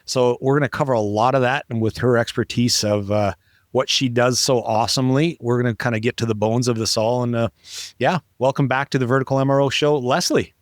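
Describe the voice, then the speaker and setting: A man's voice: medium pitch, fairly even intonation, fairly quick, no room sound, studio quality. A man hosting a podcast in casual chat, joking around and rambling with plenty of fillers. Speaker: podcast host.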